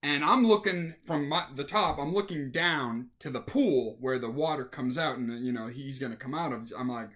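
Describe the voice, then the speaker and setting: A man's voice: medium pitch, normal speed, few pauses. A man telling a casual anecdote, acting out the scenes with voices. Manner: animated, acts out scenes with voices. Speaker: storyteller.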